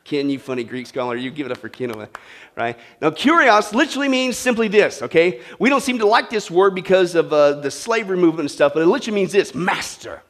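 Male pastor, sermon to a live congregation, high voice, lively swoops. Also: fast talker. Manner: animated preaching, asks the congregation questions.

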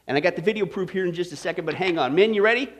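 A man preaching a sermon, telling a funny story with lively asides and frequent "okay?" check-ins. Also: high voice, very fast. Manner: joking storyteller, animated, many "okay?" and "right?" asides. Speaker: pastor.

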